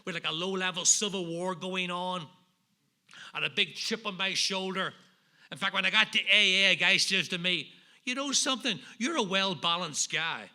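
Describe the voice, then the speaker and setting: A man with a Northern Irish accent tells his own story of drinking and recovery to a live meeting crowd. His voice sits high and cuts through with a sharp, forceful brightness. He is wry and self-deprecating, and he lands his jokes like a seasoned storyteller. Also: steady tone, normal speed. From Northern Ireland. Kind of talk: humorous personal recovery talk.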